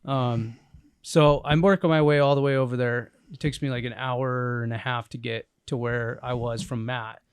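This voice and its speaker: A man's voice: medium pitch, steady tone, normal speed, clear, resonant tone, no room sound. Guy rambling thru a bear hunt story on a podcast, dry close sound, laughs a lot. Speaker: podcast co-host and bear hunter. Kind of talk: casual storytelling chat. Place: indoors in a cabin.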